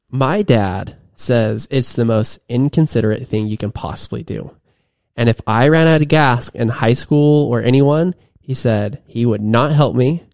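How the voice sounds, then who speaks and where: A man's voice: medium pitch, darkish tone, no echo, clean studio sound. A young man co-hosting a podcast, talking casually in a rambling way with many restarts. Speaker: podcast co-host. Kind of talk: casual chat.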